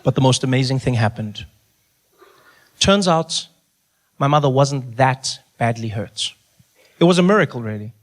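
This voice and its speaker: A male stand-up comedian, telling a story in an animated, exasperated way on stage. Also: mid-range voice, moderate pace, pauses often.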